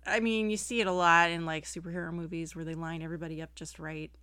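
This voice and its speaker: A middle-aged woman co-hosting a podcast in a chatty, animated way, quick to joke. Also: fairly low pitch, clear, resonant tone, no echo. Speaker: podcast co-host. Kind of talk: casual chat.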